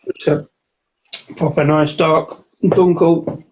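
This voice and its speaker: A man's voice: a little high, level tone, takes it slowly, darkish tone, muffled recording. A man co-hosting a beer review livestream, joking around, reading viewer comments and describing beers. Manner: jokey, banters and reads out viewer comments. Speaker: co-host of a beer review show. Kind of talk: casual chat and beer tasting on a livestream. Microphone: home setup on a live video stream.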